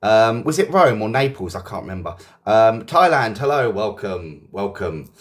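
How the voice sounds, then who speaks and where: A man's voice: lowish voice, sing-song, normal speed. A man from England with a British accent, teaching an English vocabulary lesson on a live stream, chatty and encouraging as he greets viewers by name. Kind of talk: live online lesson, reading viewer comments.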